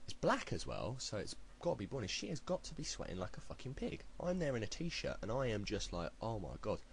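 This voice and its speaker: This British video blogger delivers a heated, blunt opinion rant straight to camera, swearing without restraint. He speaks at medium pitch in a brisk, sing-song, creaky voice, and the rough recording carries a little hiss or hum.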